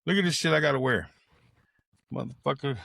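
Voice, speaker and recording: A man's voice: medium pitch, fairly quick, vocal fry, sharp tone, breathy edge, no echo, clean studio sound. An older man co-hosting a casual chat, telling jokey stories with a lot of swearing. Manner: profane, joking storyteller. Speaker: podcast co-host. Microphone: video call.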